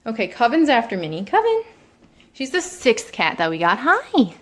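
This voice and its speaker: A young woman casually introducing her pet cats at home, chatty, sometimes slipping into high baby talk for them. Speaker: vlogger. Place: home, indoors.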